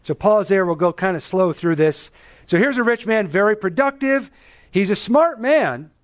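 A pastor with a noticeably high male voice gives an expository sermon in an animated way at a moderate pace. He speaks conversationally to his listeners, using emphasis and rhetorical questions to press his points.

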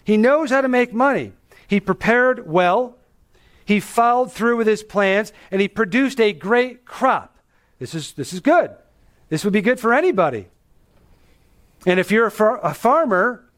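A man with a noticeably high voice delivers an expository sermon as a pastor. He talks to the listeners conversationally, leaning on emphasis and rhetorical questions to drive his points home. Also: animated, unhurried, fairly bright tone.

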